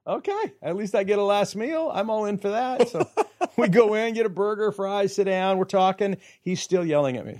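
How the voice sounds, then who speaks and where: High-voiced man telling a lively story. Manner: animated storyteller, acts out quotes, laughs often. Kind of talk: casual storytelling chat.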